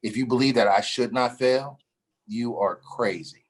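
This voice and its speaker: A man's voice: mid-range voice, a little slow. A man leading a mentoring workshop over a video call, emphatic and repeating his points, jokey at first, then earnest. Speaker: workshop facilitator.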